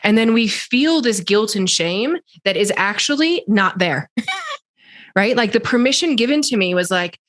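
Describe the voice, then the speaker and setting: A woman's voice: a little high, very animated, measured pace, fairly bright tone, dry recording. A middle-aged woman hosting a podcast, telling stories in an enthusiastic, chatty way with frequent laughs. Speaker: podcast host. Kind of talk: casual podcast conversation.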